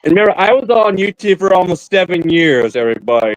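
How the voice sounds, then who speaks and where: Chatty man with a slightly high voice. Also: very animated, quick pace, dry recording, poor audio. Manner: rambling, repeats and restarts phrases; addresses viewers directly. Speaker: streamer co-host. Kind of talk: casual chat.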